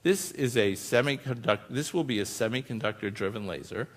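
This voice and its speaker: A man's voice: mid-range voice, animated, a little fast. A man giving a conversational public talk as a scientist, explaining informally and often tossing in asides to the audience. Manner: explains informally, often adds "you know" and "right?". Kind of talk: conversational presentation. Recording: long hall reverb.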